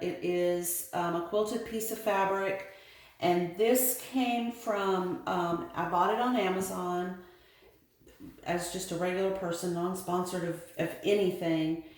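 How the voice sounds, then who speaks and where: A middle-aged woman from the American South with a Southern accent, casually showing her sewing projects and rambling with many ums and restarts. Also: fairly low pitch. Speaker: sewing vlogger. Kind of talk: casual show-and-tell vlog. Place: home sewing room. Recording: very echoey room.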